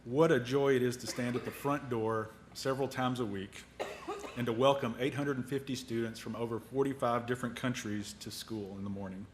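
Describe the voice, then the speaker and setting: Earnest middle-aged headmaster with a cold. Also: male voice, medium pitch, steady tone, slight background noise. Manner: earnest, measured reading with faith-filled phrasing. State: has a cold, on cold medicine. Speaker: school headmaster. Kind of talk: reading a prepared presentation.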